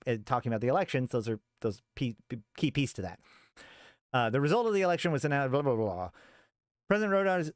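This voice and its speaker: A man's voice: mid-range voice, smooth, no echo, studio quality. Rambling man stumbling through lore. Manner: rambling with many restarts and fillers. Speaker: streamer explaining game lore. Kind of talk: casual lore talk and reading aloud.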